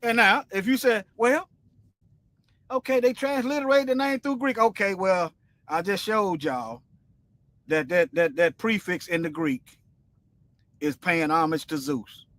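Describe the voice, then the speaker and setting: A man's voice: high-pitched, animated, a little slow, pauses often, a bit bright, no room sound. A man giving informal Bible teaching on a livestream, talking in a colloquial, rambling and emphatic way while he reads viewer comments.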